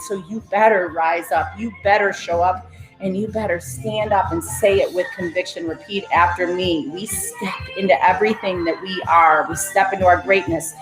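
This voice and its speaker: Energetic woman leading breathwork, roomy echo. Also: mid-range voice. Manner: energetic, commanding cues, greets viewers by name. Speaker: breathwork and affirmation coach. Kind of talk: live-streamed guided breathing and affirmations. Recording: roomy echo, faint music behind.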